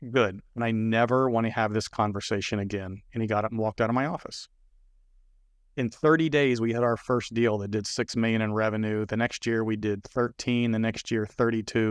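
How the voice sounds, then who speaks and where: A man's voice: lowish voice, a little fast, smooth, no room sound, clean studio sound. An older man, a business consultant, telling stories in a podcast interview and acting out the dialogue as he goes. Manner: animated storyteller acting out dialogue.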